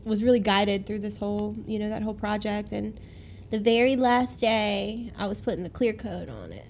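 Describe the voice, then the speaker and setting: A woman in casual conversation, an animated and emotional storyteller. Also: medium pitch, normal speed, gravelly, slight background noise.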